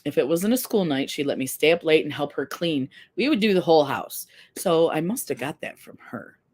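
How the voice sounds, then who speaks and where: A woman's voice: low voice, lively intonation, a little fast, a little mellow, breathy edge. A woman in her fifties hosting a casual live stream, talking candidly and earnestly while reading viewer comments. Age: 50s. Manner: candid, earnest, self-deprecating.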